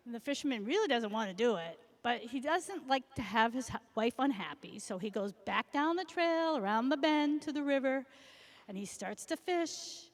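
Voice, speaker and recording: A woman reading a storybook aloud to young children in a slow, expressive, sing-song manner. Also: a little high. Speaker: guest story reader. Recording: echoey school hall.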